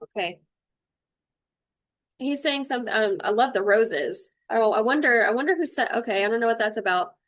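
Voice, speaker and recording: A woman's voice: a little high, fairly quick, pauses often, fairly bright tone. A young adult woman giving a livestream spiritual tarot reading. She talks bluntly and emotionally and swears freely. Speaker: intuitive tarot reader.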